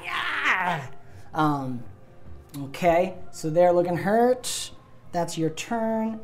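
A woman's voice: lowish voice, very animated, extremely slow. A woman narrating a tabletop role-playing game as game master, giggling often and adding sound effects to her storytelling.

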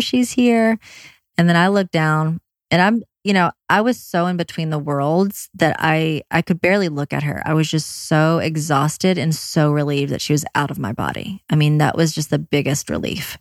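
Low-voiced woman telling a frank personal story. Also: dry recording, studio quality. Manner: candid and frank, with blunt swearing; talks in quick bursts with many fillers. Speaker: mother sharing her birth story.

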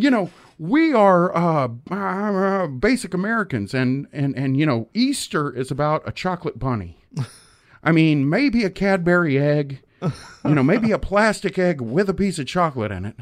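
A man's voice: fairly high pitch, pitched above the performer's own voice. A man voicing an indignant, blustering middle-aged male caller on a comedic call-in radio bit, ranting and stammering. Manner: ranting, stammering, self-righteous.

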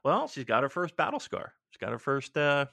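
A man's voice: a little high, brisk, vocal fry, dry recording. A man co-hosting a podcast, telling stories animatedly and swearing freely. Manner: swears a lot, animated storyteller. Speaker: podcast co-host. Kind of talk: casual podcast chat.

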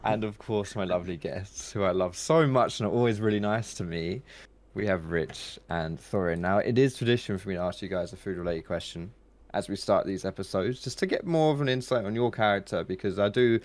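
A man's voice: on the low side, brisk. A man hosting a talk show, chatting casually and teasing his guests. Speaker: podcast host. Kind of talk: casual chat.

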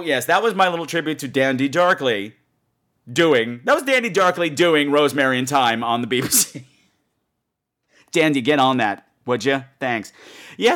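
A male podcast host chatting through a campy, theatrical monologue. His voice sits fairly high, and his pitch rises and falls animatedly as he talks. He keeps a loose, conversational delivery. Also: fairly bright tone. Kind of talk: casual monologue.

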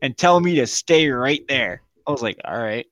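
A man telling a rough personal story as a podcast host, swearing freely and laughing often. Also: mid-range voice, moderate pace. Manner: profane, laughing, animated storyteller. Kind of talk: casual storytelling.

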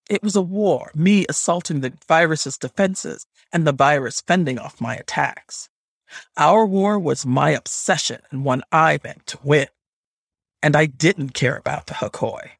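A man reads a first-person story in a measured audiobook voice. His voice sits a little high and has a husky edge. The recording is close and dry. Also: dry recording. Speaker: audiobook narrator. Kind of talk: scripted first-person narration.

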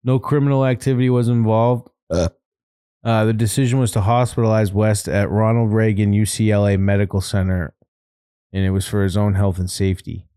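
Laid-back deep-voiced man cracking crude jokes. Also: level tone, brisk, mellow, clean tone, dry recording, studio quality. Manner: crude, joking, laughs often. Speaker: podcast co-host. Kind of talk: casual comedic chat.

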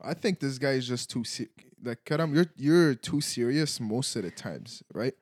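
A man's voice: mid-range voice, animated, normal speed, darkish tone. A young man teasing a friend bluntly in a casual group chat.

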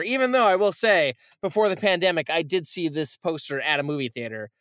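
High-voiced man telling a story. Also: brisk, hardly any pauses, clear, resonant tone, no room sound, studio quality. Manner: animated storytelling, swearing, acting out quotes. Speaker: podcast co-host. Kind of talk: casual chat.

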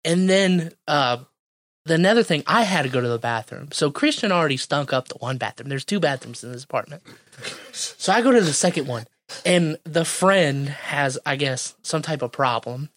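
Young man, casual podcast storyteller, lively pitch, dry close sound. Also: normal speed, dry recording. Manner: animated, profane storytelling with quoted voices.

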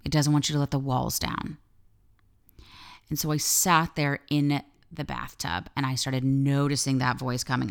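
A woman's voice: low-pitched, a little fast, sharp tone, no room sound, clean studio sound. A woman hosting a solo podcast, talking candidly and casually, swearing freely and drifting off on tangents. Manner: wandering off on tangents. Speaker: podcast host.

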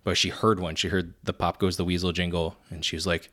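A man co-hosting a podcast, telling animated stories about being a father and often laughing at his own anecdotes. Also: low voice, fairly quick. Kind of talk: casual chat.

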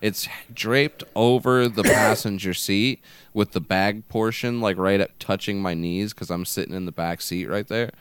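A man co-hosting a podcast, telling long, rambling anecdotes full of swearing and filler words. His voice is very deep and smooth. The recording is dry and close. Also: fairly even intonation, normal speed, no room sound. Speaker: podcast co-host. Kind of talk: casual chat.

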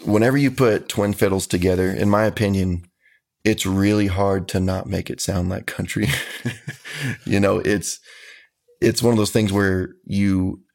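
A man, a country musician, answering interview questions about his music in an earnest, folksy, measured way. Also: low-pitched.

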